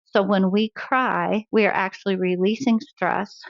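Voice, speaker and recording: A woman's voice: mid-range voice, steady tone, a little slow, vocal fry, no echo. Earnest woman, dull lo-fi sound. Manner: earnest, laughs often while telling stories. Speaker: guest. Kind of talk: faith-based interview conversation.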